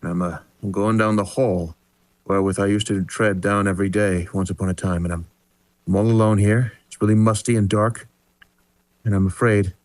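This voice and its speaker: A man's voice: fairly high pitch, normal speed, fairly bright tone, no room sound. A man playing a flustered, stammering caller. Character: frantic man lost in his old school. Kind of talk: improv comedy scene. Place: video call from home.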